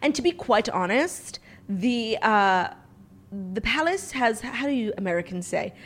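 Woman playing a smug British royal, haughty and mock-formal, lively high voice, comedic improv. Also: unhurried. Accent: put-on British. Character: pompous snooty British prince, older brother.

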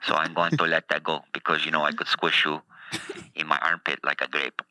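A man's voice: deep voice, fairly even intonation, sharp tone, no echo, exaggerated voice, low-quality recording. A man putting on a comedic impression of a boastful baseball star who speaks in broken English. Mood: mock-serious. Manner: broken English, pompous, slow mock-serious.

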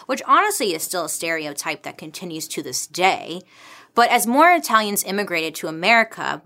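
A young woman casually telling a dark history story, chatty with sarcastic asides. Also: lowish voice.

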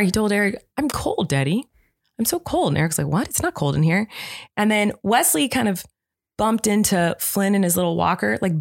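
A woman in her thirties co-hosting a podcast, telling family stories in casual chat with quick laughs. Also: mid-range voice. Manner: chatty storytelling, quick laughs. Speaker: podcast co-host.

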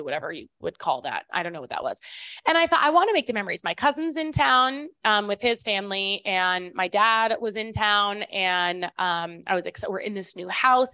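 Woman, podcast co-host, casual chat, rambling, slightly high voice, dry close sound. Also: bright, forceful tone, clean tone, no room sound. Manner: chatty, rambling, with many fillers and restarts.

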